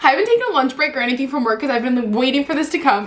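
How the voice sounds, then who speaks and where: A young woman vlogging an unboxing in a high, bubbly voice. She gushes and squeals, her pitch leaping wildly. Her speech is full of "like" and "oh my god" as she works through each step. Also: animated, fast, hardly any pauses, a bit bright, a little hiss or hum. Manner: squealing, gushing, says "like" and "oh my god" a lot. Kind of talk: excited unboxing vlog.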